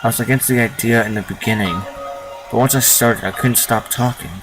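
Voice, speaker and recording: A man's voice: medium pitch, steady tone, fairly quick, distant mic, low-quality recording. A man hosting a gaming video, reading a story game aloud and adding casual, joking comments. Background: game music.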